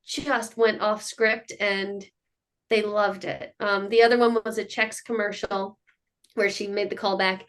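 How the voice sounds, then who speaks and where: A woman's voice: mid-range voice, unhurried. A middle-aged woman, a mother of child performers, telling stories in a casual interview and acting out what people said. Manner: animated storyteller who acts out quotes.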